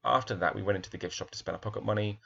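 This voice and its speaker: A man's voice: fairly low pitch, rapid-fire, vocal fry, bright, forceful tone, slightly rough, dull audio. A man, a primary school teacher, talks thoughtfully through a picture book, admiring its pages and asking questions aloud.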